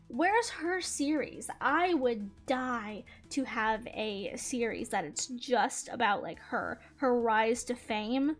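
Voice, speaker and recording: A woman streamer chatting casually while she draws, gushing like an excited fan, laughing often and swearing freely. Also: fairly high pitch, slow, hardly any pauses, soft background music. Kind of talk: casual chat while drawing.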